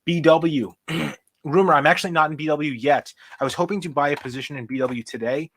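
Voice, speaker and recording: A man's voice: a little high, a little fast, breathy edge, no echo. Chatty young man talking through stock charts. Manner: chatty, thinks out loud while reading charts. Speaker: host. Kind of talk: casual livestream stock commentary.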